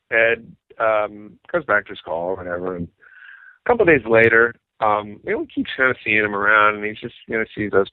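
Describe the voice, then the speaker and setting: A middle-aged man, a rock bassist, telling stories casually and slipping into other people's voices as he goes. The sound is thin and phone-like, and the room is dry. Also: dry recording. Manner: animated anecdotes, acts out quoted dialogue. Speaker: interview guest, rock bassist. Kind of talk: casual storytelling.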